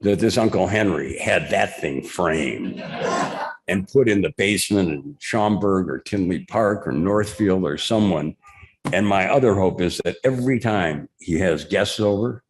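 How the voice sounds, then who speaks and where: An older man from Chicago giving a club talk, telling a barroom story and acting out the voices in it. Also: low voice. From Chicago, USA. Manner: anecdotal, acts out quoted voices. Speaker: guest speaker. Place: club meeting room.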